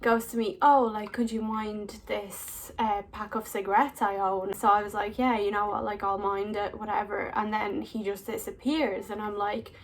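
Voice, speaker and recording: A woman's voice: mid-range voice, level tone, normal speed, few pauses, a little hiss or hum. Young woman, vlogger, chatty storytime delivery, filler-heavy, mid-range voice. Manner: chatty, many "like" fillers, laughs often. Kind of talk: casual storytelling.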